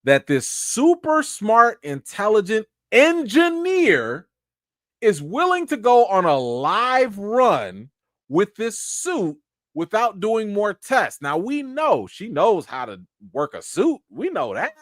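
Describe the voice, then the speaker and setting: A man hosts a casual live review and talks straight to his viewers in slang. His voice sits fairly high and swings widely in pitch. The recording is dry and close. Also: huge pitch swings, slow, fairly bright tone, no echo. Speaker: TV series reviewer and live-chat host.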